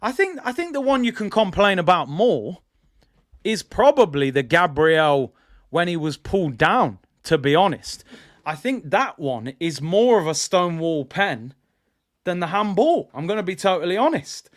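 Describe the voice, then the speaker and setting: Young man, raised pitch, live match watch-along host, insistent and repetitive. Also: normal speed. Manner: animated, repeats himself, argues with chat. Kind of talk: casual live match commentary.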